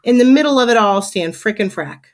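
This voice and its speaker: A woman teacher reading a children's chapter book aloud for her class. Her storytelling is animated and expressive, in a mid-pitched voice. She leans into the lively moments of the story. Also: a little fast.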